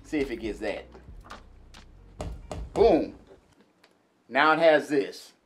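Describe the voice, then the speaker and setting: A man casually demonstrating and reviewing a small audio mixer for his viewers, chatty and relaxed. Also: medium pitch, slow pace, faint music behind. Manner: laid-back, chatty, addresses viewers as y'all and man. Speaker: gear reviewer. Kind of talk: casual product demo vlog.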